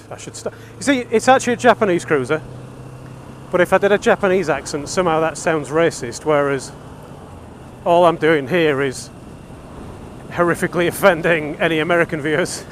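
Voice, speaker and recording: A man's voice: on the high side, slight background noise. A man chatting casually and self-deprecatingly while riding a motorbike, laughing as he rambles. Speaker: motorcycle vlogger. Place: outdoors on a motorbike.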